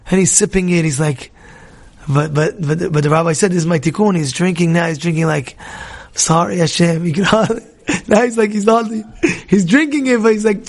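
A man teaching a Torah class in an animated storytelling style, acting out dialogue with many restarts and swinging between loud and soft. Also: sits high, normal speed.

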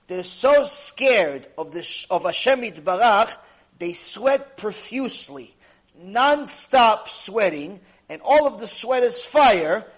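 A man, a rabbi, teaching a Torah lecture, retelling the story dramatically with sudden loud and soft swings and Hebrew religious terms. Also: high-pitched.

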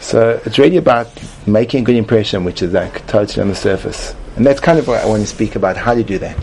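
A man gives a rambling, tongue-in-cheek mock class as comedy, quickly, in a low-ish, slightly mellow voice. He repeats himself, restarts often, and says "like" a lot. There's a little hiss or hum on the recording.

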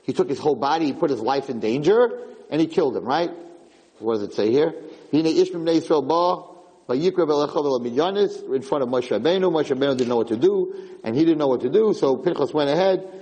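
A man teaching a Torah lesson in an excitable, repetitive way, restarting his sentences often. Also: mid-range voice, fast, long reverb tail, poor audio.

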